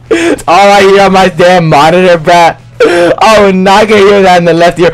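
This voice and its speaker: A young man commenting on his own gameplay, talking in slangy, excitable, rambling trash talk. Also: a little high, measured pace, hardly any pauses, soft background music. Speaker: gaming YouTuber.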